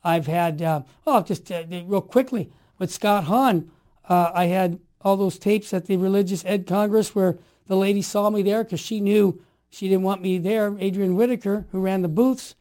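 A man in his sixties telling stories as an interview guest, emphatic and animated, building to forceful declarations. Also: high-pitched, normal speed. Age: 60s. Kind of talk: impassioned conversational storytelling.

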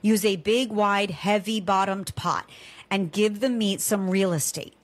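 A woman's voice: medium pitch, fairly even intonation, unhurried. A middle-aged woman from Southern California hosting a cooking show, talking in a chatty, enthusiastic way with emphatic repetitions. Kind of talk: conversational solo podcast monologue.

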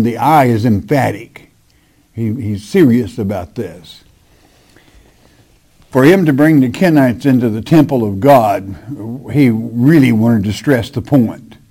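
A man's voice: medium pitch, animated, a little slow, mellow. A man teaching the Bible verse by verse, reading scripture aloud and commenting on it with emphasis.

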